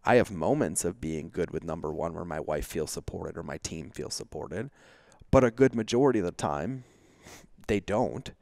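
Very deep gravelly-voiced man, candid. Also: expressive, moderate pace, darkish tone, no room sound, clean studio sound. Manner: emphatic, confessional, acts out quoted dialogue; frequent "like" fillers. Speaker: podcast guest. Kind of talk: candid conversational storytelling.

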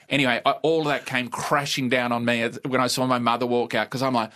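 A middle-aged Australian man with a bright, clear-edged voice, telling stories in a relaxed conversation. His delivery is laconic and dry, and a wry chuckle is never far away. His pitch sits squarely in the middle of a man's range. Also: quick pace, few pauses. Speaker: comedian guest. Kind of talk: casual storytelling interview.

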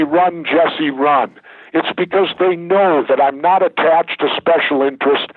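A man's voice: fairly high pitch, slightly rough, dry recording. An older man, a former governor, talking bluntly and emphatically as an interview guest. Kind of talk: candid interview talk. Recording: tinny phone line, dry.

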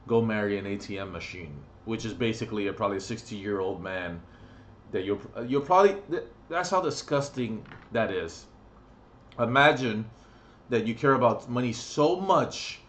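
A man's voice: fairly low pitch, slight background noise. A man ranting on his vlog, crude and profane, blunt and mocking. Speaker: vlogger.

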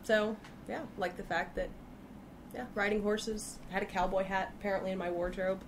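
A woman's voice: medium pitch, little pitch movement, moderate pace, noisy background. A woman from Texas, a podcast guest chatting casually and telling playful stories with frequent laughter. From Texas, USA. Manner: laughs often, playful storytelling. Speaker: podcast guest, freelance writer. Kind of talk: casual conversation.

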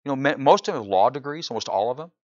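A pastor preaching a sermon in church, often asking the congregation "right?" and building to loud, incredulous exclamations. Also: male voice, mid-range voice, rapid-fire, dry recording, lo-fi sound. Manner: animated preaching, frequent "right?" asides to the congregation.

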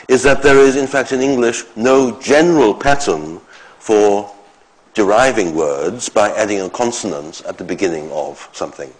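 A man giving an academic lecture, explaining step by step in short phrases with pauses. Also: low-pitched, low-quality recording.

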